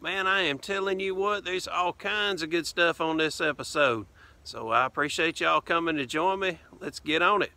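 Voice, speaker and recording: A man's voice: on the high side, moderate pace, bright, forceful tone. A man with a Southern US accent vlogging outdoors, chatting in a folksy, drawling way with plenty of fillers. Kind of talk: casual vlog narration. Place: outdoors by a road. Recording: faint outdoor traffic noise. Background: faint traffic and outdoor noise.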